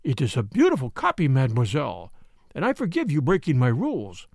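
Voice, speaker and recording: A man voicing a grave, kindly older art professor who speaks with measured fervor. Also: mid-range voice, huge pitch swings, gravelly, darkish tone, no room sound, clean studio sound, full character voice. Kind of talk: audiobook character voice.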